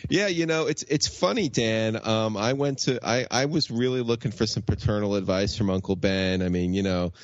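A man's voice: on the low side, normal speed, hardly any pauses, dry recording, dull audio. A man co-hosting a podcast, joking and stammering playfully through comic banter. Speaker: podcast co-host.

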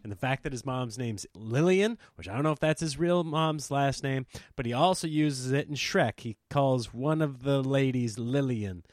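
A man who performs comedy for a living, talking in an animated, self-mocking, rambling monologue. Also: mid-range voice, normal speed, few pauses, no room sound, clean studio sound. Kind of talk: casual talking-head monologue.

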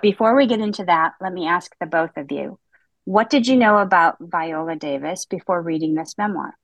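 A woman with a lowish voice hosts a book podcast, moving from a scripted opening into relaxed conversation. Her humor is dry and self-deprecating. The sound is close and dry, with no room around it. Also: normal speed, dry recording, lo-fi sound. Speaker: podcast host. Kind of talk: casual book-club chat with scripted intro.

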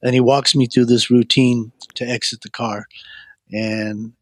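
A middle-aged man, a guest, telling his life story in a rambling, animated way, with many fillers and restarts. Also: measured pace, no room sound. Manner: animated, acts out quoted voices with a raised pitch. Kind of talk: personal storytelling.

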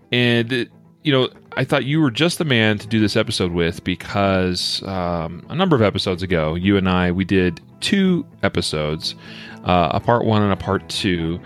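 A man's voice: fairly low pitch, a bit bright. A man hosting a podcast in a casual, folksy way, rambling with many fillers and restarts. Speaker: podcast host.

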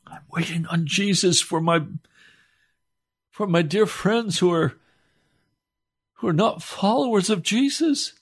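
A man's voice: sits high, slow pace, long pauses, breathy edge. A man preaching an emotional sermon, pleading and close to tears. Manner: impassioned, pleading, near tears.

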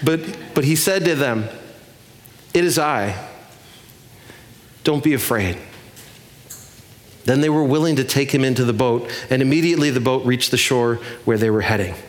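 A man preaching a sermon as pastor, telling the story with lively questions to his listeners. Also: mid-range voice, quick pace, hardly any pauses.

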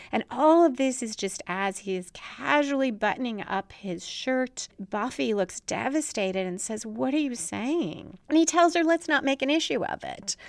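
A woman's voice: mid-range voice, no room sound. A woman in casual analysis, walking through a television scene beat by beat. She is thoughtful and says "like" a lot. The recording is dry and close, with no room sound. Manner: thoughtful, with frequent filler "like". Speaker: TV episode analyst.

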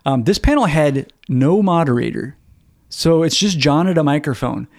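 Casting: man, slightly higher voice, chatty podcast co-host, lively rambling storyteller. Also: moderate pace, vocal fry, no room sound, studio quality. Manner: animated storyteller, lots of "like" fillers. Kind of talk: casual chat.

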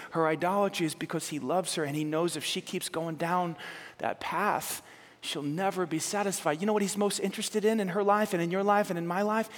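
A male pastor preaching with passion, his voice swinging from loud urgent appeals to soft, hushed words, often repeating phrases as he speaks straight to the congregation. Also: high-pitched, long reverb tail. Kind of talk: sermon.

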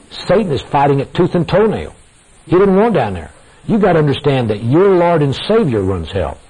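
Emphatic husky man preaching a sermon. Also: mid-range voice, dark tone, poor audio. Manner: emphatic, repeating phrases for effect, addresses listeners as guys. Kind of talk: sermon to a congregation.

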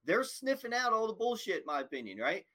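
A male podcast host in a casual conversation who keeps things enthusiastic and affirming. His voice is bright and tense, pitched a little high for a man. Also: sing-song, quick pace.

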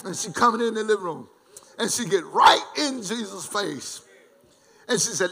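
A male pastor preaching a sermon in an emphatic way, with repetitions and lively asides. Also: high voice, normal speed, vocal fry, pauses often.

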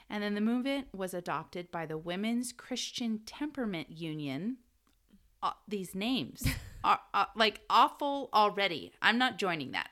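A woman's voice: medium pitch, sharp tone. A woman co-hosting a casual history podcast, telling the story with frequent laughs and the odd swear word. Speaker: podcast co-host.

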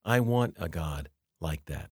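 A man with a very low voice delivers an emphatic Bible lecture, reading scripture passages aloud to make his points. The recording is close and dry, with no room sound. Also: lively intonation, a little slow, a little mellow, slightly rough, dry recording. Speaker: Bible teacher. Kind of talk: theology lecture.

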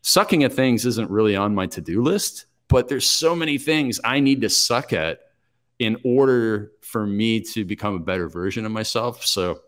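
Man in his forties, lowish voice. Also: moderate pace, fairly bright tone. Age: 40s. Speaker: podcast guest. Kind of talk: conversational interview storytelling.

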